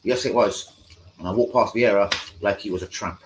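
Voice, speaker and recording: A man hosting a live stream, rambling through football fan chat with heavy swearing and excitable outbursts. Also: fairly low pitch, moderate pace, noisy background.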